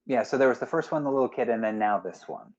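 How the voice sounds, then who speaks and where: A man's voice: medium pitch, lively intonation, fast talker, muffled recording. A man running a tabletop game as game master on a live stream, hesitant with frequent ums. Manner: hesitant, with many ums and restarts.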